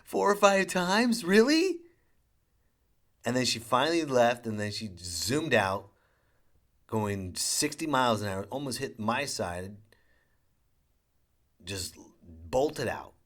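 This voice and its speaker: A young adult to middle-aged father hosts a podcast, telling a rambling, sarcastic comedic story and acting out quotes. His voice is on the low side, expressive and fairly bright, and he takes it slowly with frequent pauses.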